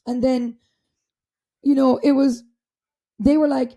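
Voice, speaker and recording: A woman's voice: on the high side, moderate pace, long pauses. A young Irish woman co-hosting a podcast, chatting casually with lots of swearing and filler words. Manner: animated, swears freely, many filler "like"s. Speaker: podcast co-host. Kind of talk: casual chat.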